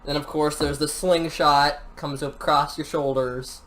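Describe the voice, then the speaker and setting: A man's voice: on the high side, level tone, unhurried, fairly bright tone. A young man co-hosting a casual podcast, joking and laughing a lot. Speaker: podcast co-host. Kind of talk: casual chat. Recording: faint background noise.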